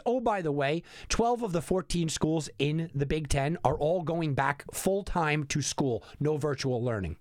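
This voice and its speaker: Male podcast host, sarcastic ranting delivery, gravelly voice, dry close mic. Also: high-pitched, a bit bright, no room sound. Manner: exasperated, sarcastic, emphatic repetition. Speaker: sports betting podcast host. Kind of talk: animated opinion monologue.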